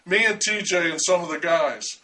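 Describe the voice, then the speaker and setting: A man's voice: fairly high pitch, moderate pace, sharp tone, far from the mic. Man doing a sheepish, stubborn husband. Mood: pleading. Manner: pleading, defensive.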